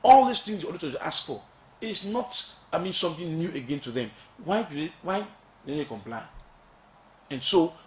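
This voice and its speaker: Sierra Leonean male lawmaker, slightly high voice, emphatic, rhetorical, echoey room. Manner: emphatic, rhetorical questions, mixes Krio phrases. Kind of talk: radio talk.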